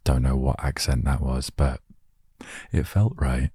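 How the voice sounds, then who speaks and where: Very deep, slow, husky male voice. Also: fairly even intonation, no room sound, clean studio sound. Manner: gentle, self-deprecating, meandering. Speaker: host of a relaxation word show. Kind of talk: soft, rambling relaxation talk. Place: inside a van. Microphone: studio microphone, close.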